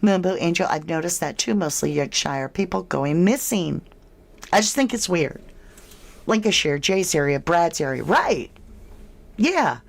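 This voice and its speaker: A woman's voice: on the low side, expressive, measured pace, gravelly. Woman, livestream host, casual chat, emphatic, a little snarky. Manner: chatty, emphatic, slightly snarky. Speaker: true crime channel host.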